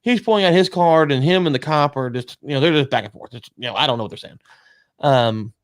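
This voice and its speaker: A man's voice: mid-range voice, quick pace, dry recording, studio quality. A man co-hosting a casual talk show, telling a long story with lots of quoted dialogue and restarts. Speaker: podcast co-host.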